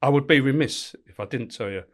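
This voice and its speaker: A man's voice: mid-range voice, a little fast. A man, a former prison officer, telling anecdotes in a podcast interview with frequent swearing. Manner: animated, swears freely, acts out voices. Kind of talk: anecdotal storytelling.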